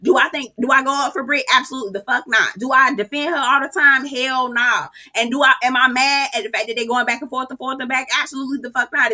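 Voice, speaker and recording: Woman, reality-show recap host, sassy and profane, crisp bright voice, a little high. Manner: sassy, profane, gossipy with quoted reactions; speaks with swooping pitch jumps and exclamations. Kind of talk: casual recap commentary.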